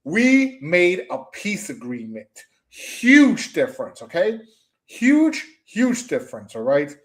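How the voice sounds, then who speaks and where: A young man on a commentary stream, his voice sitting high and swooping all over as he rants. He trash-talks in mocking jabs, trips over his own restarts and keeps circling back to the same phrases. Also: wildly swooping pitch, slow pace. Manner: trash-talking, repetitive, stumbling restarts, mocking "moo" noises. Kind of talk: ranting call-out commentary.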